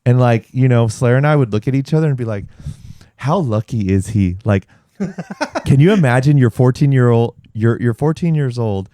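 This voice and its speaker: A man hosting a podcast, telling stories with lively acted-out quotes and a lot of swearing. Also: mid-range voice, normal speed, no room sound, studio quality. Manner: animated storyteller, swears freely, acts out quotes. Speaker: podcast host. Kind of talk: casual podcast chat. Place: podcast studio.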